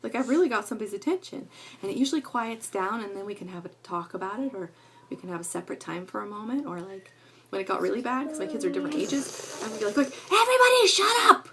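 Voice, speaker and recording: A woman's voice: medium pitch, animated, fast, a little hiss or hum. A middle-aged woman talking casually to camera at home, rambling and earnest with lots of fillers. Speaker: parenting vlogger.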